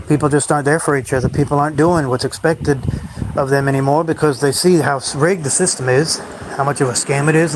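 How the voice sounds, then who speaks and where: A man hosts a solo livestream, rambling on in a brooding, bitter monologue about life. His voice sits somewhat high for a man. A clear, steady noise runs under the phone recording. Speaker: livestream host.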